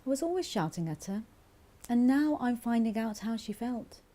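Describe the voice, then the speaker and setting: A woman's voice: fairly high pitch, expressive, normal speed, dark tone. An actress playing a frank, wry middle-aged mother with mild hearing loss. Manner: frank, wry, a bit stubborn. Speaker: actor voicing a mother's testimony. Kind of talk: scripted testimony monologue.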